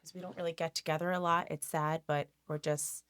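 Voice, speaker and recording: A woman's voice: sits low, level tone, a little fast, fairly bright tone, smooth. A middle-aged woman speaking as a guest in a casual conversation. She talks candidly and hesitantly, and laughs easily.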